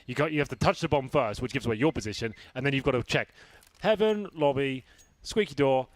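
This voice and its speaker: A man's voice: mid-range voice, fairly quick, no echo. A young man with a southern English accent giving matter-of-fact, explanatory color commentary on an esports match.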